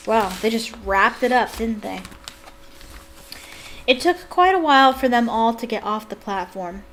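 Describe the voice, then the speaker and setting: A woman reading a novel aloud for online viewers, breaking off into animated, exclaiming asides. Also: medium pitch, slight background noise. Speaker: YouTube reader.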